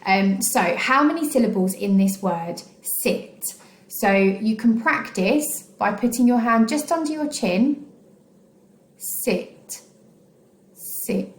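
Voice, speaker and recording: A woman's voice: fairly high pitch, lively intonation, a little slow. Encouraging English woman teaching in an echoey room. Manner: patient, encouraging, many ums and okays. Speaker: primary school teacher. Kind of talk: recorded online phonics lesson.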